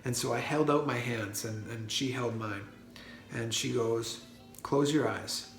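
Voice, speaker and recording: A man's voice: mid-range voice, unhurried, gravelly. A man telling a personal story in a casual monologue, earnest and full of fillers and restarts. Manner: earnest, many fillers and restarts, grows excited. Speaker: vlogger. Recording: roomy echo with faint music.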